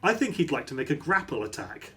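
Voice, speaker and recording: A man playing in a tabletop game, eager and animated, often restarting his sentences. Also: a little high, quick pace, soft background music. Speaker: player.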